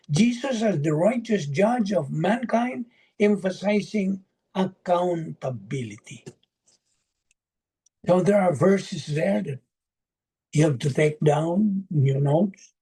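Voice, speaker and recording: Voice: mid-range voice, dark tone, slightly rough. A Bible study leader teaching over a video call, asking questions and answering them while listing verse references.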